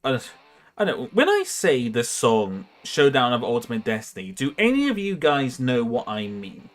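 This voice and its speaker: A man's voice: mid-range voice, wildly swooping pitch, normal speed. A young man chatting casually on a livestream, rambling and self-mocking, laughing often. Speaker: streamer.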